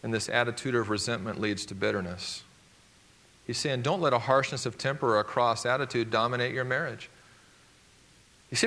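A male pastor preaching with a bright, forward voice that lands hard on key words. He swings from loud declarations to low, hushed asides, with a middle pitch. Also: a little fast, pauses often. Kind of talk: sermon.

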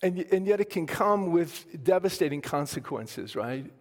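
A pastor from Colorado delivers a sermon in a noticeably high voice. He tells personal stories with self-deprecating humor, often restarting his sentences. His words carry a long reverb from a large hall. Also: expressive, normal speed. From Colorado, USA.

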